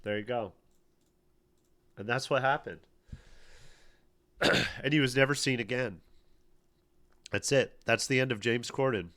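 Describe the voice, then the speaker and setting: A man's voice: medium pitch, measured pace, long pauses, sharp tone. A man streaming casual commentary, joking crudely and spinning comic stories. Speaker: streamer, podcast host.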